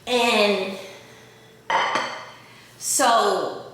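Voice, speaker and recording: A woman's voice: mid-range voice, extremely slow, fairly bright tone. Vlogger, woman, 30s, Southern-Valley accent mix, rambling filler-heavy delivery, very echoey room. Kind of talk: casual confessional storytelling. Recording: very echoey room with faint hiss.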